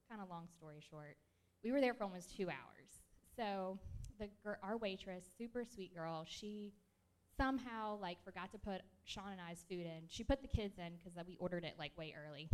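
A woman's voice: mid-range voice, darkish tone. A shy, self-described introverted woman telling a rambling story at a church gathering, with many fillers and restarts, into a handheld mic. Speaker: church member sharing a testimony. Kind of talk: casual spoken testimony.

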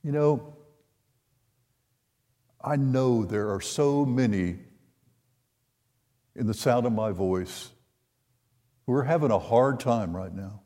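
An older man preaching a sermon, retelling a scripture story in an unhurried way and voicing the quoted lines. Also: mid-range voice, warm tone. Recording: long hall reverb.

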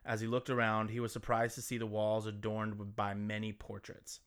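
A man's voice: fairly low pitch, monotone, moderate pace, fairly bright tone, clear, resonant tone. A man co-hosting a podcast, reading a scary story and bantering in a joking, crude, playful way. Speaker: podcast co-host.

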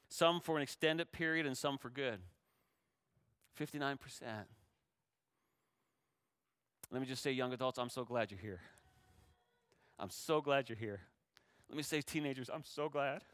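A man preaching a sermon as pastor, moving between hushed, tender lines and loud, rising exhortation, sounding emotional and close to tears. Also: on the high side, smooth, no room sound.

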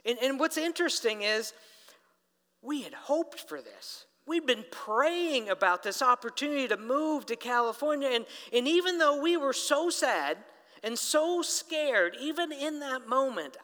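A man's voice: extremely high pitch, unhurried. A middle-aged man, a pastor, preaching a sermon in a church hall, telling a family story and talking straight to the congregation. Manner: storytelling, animated, addresses people directly. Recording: long hall reverb.

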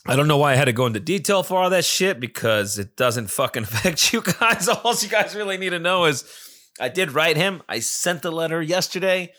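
A man's voice: a little high, lively intonation, brisk, sharp tone. A man with a non-native English accent hosting a casual solo podcast, rambling and swearing with many restarts. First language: not English. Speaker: podcast host.

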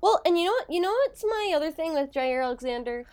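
An excitable young woman with a high voice that jumps all over as she talks sports. She speaks in quick bursts of exclamation and casual banter. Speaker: podcast co-host.

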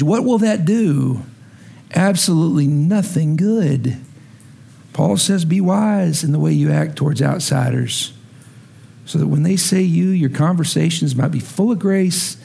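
A man preaching a sermon as pastor, telling a story and acting out the dialogue, rising to shouts when heated. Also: a little high, measured pace, creaky, husky.

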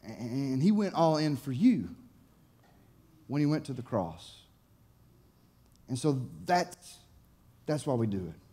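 A young man, a youth pastor, preaching and telling a story with excited, animated delivery and frequent restarts. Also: medium pitch, slow pace, pauses often, slightly rough. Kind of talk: sermon storytelling.

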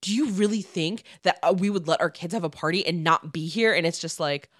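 A woman's voice: lowish voice, brisk, dry recording, clean studio sound. A woman, co-hosting a podcast in casual chat, blunt and profane, often laughing. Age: 30s. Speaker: podcast co-host.

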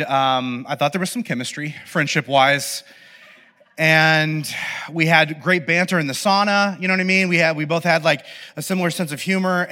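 Bright-voiced male pastor, lively storyteller with comic asides, voice on the higher side. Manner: animated storytelling, playful acted asides. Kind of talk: sermon. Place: church podcast recording.

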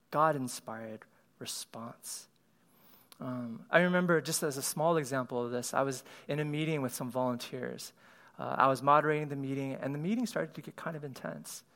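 A man giving a conversational sermon, laughing lightly and often asking his listeners "right?". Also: medium pitch.

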